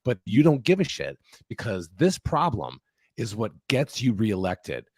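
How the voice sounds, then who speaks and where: A man's voice: lowish voice, wildly swooping pitch, a little slow, a little mellow, husky, dry recording. Sarcastic guy cohosting a podcast, swears a lot, voice jumps all over, dry close sound. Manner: blunt and sarcastic, with frequent swearing. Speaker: podcast co-host. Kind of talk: casual political discussion.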